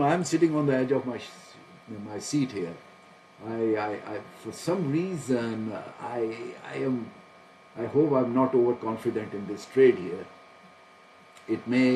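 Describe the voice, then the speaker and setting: A man's voice: medium pitch, a little mellow, rough recording. A man thinks aloud in a mid-range voice, anxious and full of questions for himself, with nervous laughs breaking in. He talks straight to his viewers as he trades live. A faint hiss of noise sits behind him.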